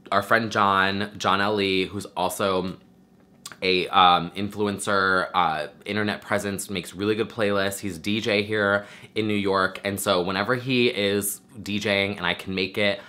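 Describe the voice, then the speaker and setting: A man in his thirties chats to camera from home, candid and campy, slipping into mock voices as he tells his story. His voice sits fairly low but sounds bright and forceful. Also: steady tone, measured pace. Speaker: vlogger host. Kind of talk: casual chat to camera. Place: home room with a ring light.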